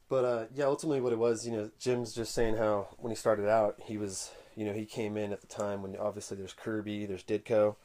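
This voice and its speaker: Flat-voiced man telling a casual anecdote. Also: fairly low pitch. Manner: unhurried, conversational storytelling. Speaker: comic collector vlogger.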